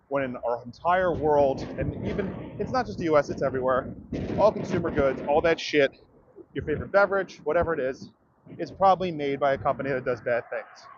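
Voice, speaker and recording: A man's voice: mid-range voice, lo-fi sound, noisy background. A man livestreaming outdoors, ranting to his viewers in a profane, direct way. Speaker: comedian livestreamer. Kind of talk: livestream rant to chat.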